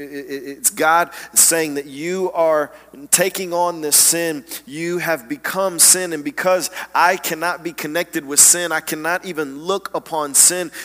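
Bright-voiced guy preaching, keeps repeating words, big echoey church hall. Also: on the high side. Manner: halting, repeats words, earnest. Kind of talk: sermon. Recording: long hall reverb.

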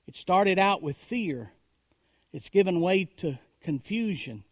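A man preaching a sermon as a pastor, building on repeated phrases and rhetorical questions, moving between hushed lines and raised, emphatic calls. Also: high voice, animated, takes it slowly, no echo, studio quality. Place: church.

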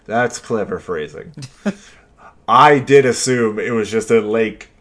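A man's voice: fairly low pitch, slow pace, a bit bright. A man co-hosting a podcast, talking about a movie in a joking, playful way. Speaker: podcast co-host. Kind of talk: casual chat.

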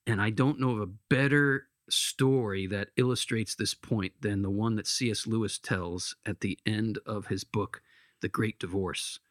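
A man's voice: fairly low pitch, steady tone, a little slow, no echo, studio quality. An earnest man retelling a story in conversation, with hesitant restarts. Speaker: speaker giving spiritual counsel.

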